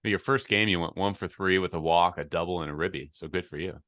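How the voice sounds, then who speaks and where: A man with a very low voice chats on a sports podcast. He keeps his tone wry and joking. The sound is close and dry. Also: quick pace, a bit bright, no room sound. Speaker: podcast co-host. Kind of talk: casual chat.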